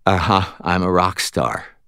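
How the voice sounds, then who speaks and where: A man's voice: low-pitched, measured pace, sharp tone, clear, resonant tone, no room sound, exaggerated voice. Male reader playing a wiped-out young woman apprentice, slurred, wry, dry close sound. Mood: tired, wry. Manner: listless, wry. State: slurred with fatigue. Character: young woman wizard apprentice, exhausted, flippant.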